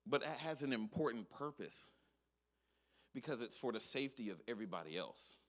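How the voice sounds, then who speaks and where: A man's voice: mid-range voice, lively intonation, brisk, a bit bright. A man preaching a short sermon in a conversational, earnest manner, peppered with "you know". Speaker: speaker, preacher.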